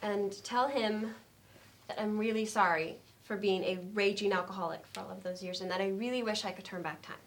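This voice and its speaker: An actress playing a bitter, suicidal middle-aged woman who speaks in a dry, deadpan way, hesitant with ums. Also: mid-range voice, fairly quick, natural voice. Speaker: actor in a scene. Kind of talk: stage comedy scene. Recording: faint noise in a training studio.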